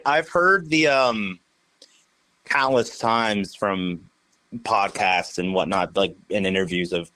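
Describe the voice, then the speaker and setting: A man's voice: medium pitch, a bit bright, rough recording. A young adult man, a podcast guest, telling a casual story in a rambling way, full of fillers and "like". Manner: rambling, heavy use of "like" and fillers. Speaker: podcast guest, guitarist and studio engineer.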